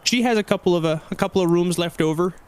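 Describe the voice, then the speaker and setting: A man's voice: sits high, fast, a little hiss or hum, voice pushed up, lightly acted. A man voicing a chatty, homespun female mouse dock master with a put-on Wisconsin accent. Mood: friendly.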